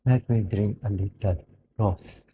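A hoarse man with a Filipino accent, a doctor speaking in an emotional personal vlog, talking slowly and pleadingly. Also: on the low side, muffled recording, a little hiss or hum. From Philippines. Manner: slow, pleading, mixes English and Tagalog. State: hoarse, voice dried out.

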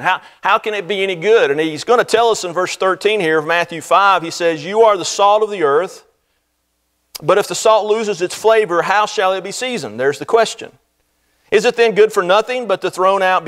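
High-voiced man preaching a sermon. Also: a bit bright. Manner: earnest preaching with swelling emphasis. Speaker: pastor. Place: church sanctuary.

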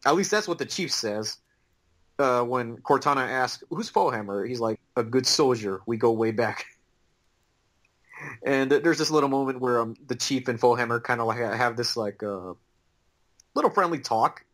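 This man co-hosts a casual podcast, his mid-range voice expressive and a bit bright at a moderate pace. He's hesitant, full of ums and false starts, and quick to laugh.

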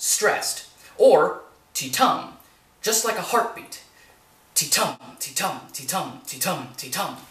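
A young adult lecturer talks through verse with a bright, animated delivery, wry and emphatic. The voice sits a little back from the mic in an echoey room. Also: mid-range voice, distant mic. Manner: lively, wry, emphatic when stressing rhythms. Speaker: teacher.

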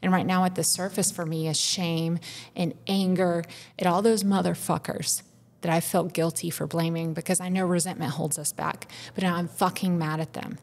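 A woman's voice: fairly low pitch, little pitch movement, moderate pace. A woman in her thirties, a podcast co-host, pouring out a raw, profane personal confession with intense feeling.

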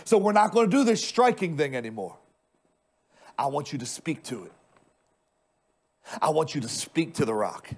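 A male pastor preaching a sermon, turning often to speak straight at the congregation and swinging from loud, stretched-out lines to hushed ones. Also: medium pitch, sing-song, a little slow, long pauses, breathy edge. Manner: addresses the congregation directly.

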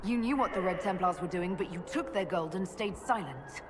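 A woman's voice: on the low side, animated, normal speed, noisy background, natural voice. An actress playing a stern female hero who confronts people with accusations. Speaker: player character.

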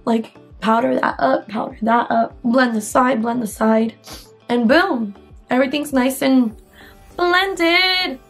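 Chatty young woman with a high voice. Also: fairly bright tone. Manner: chatty and playful, giggly asides. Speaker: beauty vlogger. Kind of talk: casual makeup tutorial chat.

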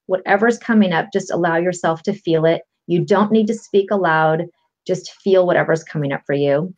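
A woman guest coach calmly walking listeners through a tapping technique step by step, with a patient, explanatory manner. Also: on the low side, moderate pace. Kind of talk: instructional explanation. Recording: lo-fi dull audio.

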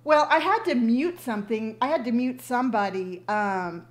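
This fifties-aged woman, her voice on the high side at a normal pace, gushes through a casual live stream and reads out viewer comments. She says um often, restarts frequently, and uses only her device's built-in microphone.

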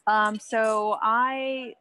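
A woman's voice: a little high, fairly even intonation, extremely slow, sharp tone, smooth, no echo. A woman audience member asking a tentative question on a video call. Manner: tentative, fillers.

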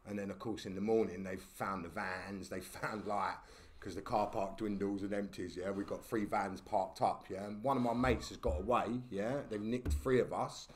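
Man, very deep voice, animated, slangy, casual storytelling, podcast guest. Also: normal speed, few pauses, slight background noise. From England. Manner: animated, full of slang and "yeah?" tag questions.

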